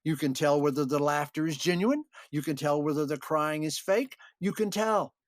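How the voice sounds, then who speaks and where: Older man telling lively stories. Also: on the high side, normal speed, no room sound, clean studio sound. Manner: animated anecdotes, chuckling, with restarts. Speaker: guest actor. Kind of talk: storytelling interview.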